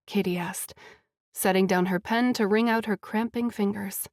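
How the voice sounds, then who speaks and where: A woman author narrating her own romance audiobook. She reads in an even, clear storytelling way into a close mic. The sound is dry with no room around it. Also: mid-range voice, moderate pace, dry recording.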